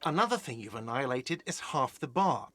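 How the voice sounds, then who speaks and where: A man's voice: mid-range voice, animated, fairly quick, bright, forceful tone. An actor playing an irritable, sarcastic male hostel manager in a game, talking curtly. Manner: curt and sarcastic. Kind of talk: game voice acting.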